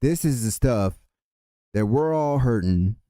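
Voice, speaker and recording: Male political commentator from California, heated profane rant, mid pitch, dry. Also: expressive, slow pace, warm tone, no echo.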